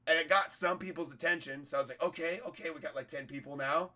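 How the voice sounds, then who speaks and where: A comedian on a podcast tells a story fast in a hoarse, slightly high-pitched voice. He's casual and swears a lot, giving voices to the people in the tale as he acts them out in lively, profane storytelling.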